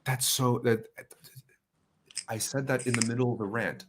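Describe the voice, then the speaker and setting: A man guest in casual conversation, telling stories in an animated way and mocking others in quoted voices. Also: medium pitch, moderate pace, noisy background. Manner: animated storytelling with mocking impressions.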